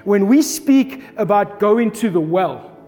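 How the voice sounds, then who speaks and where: High-voiced man preaching in a reverberant hall. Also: slow pace. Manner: animated storytelling, acting out his own shouts. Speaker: pastor. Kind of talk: sermon with a personal story. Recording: long reverb of a hall, faint music behind.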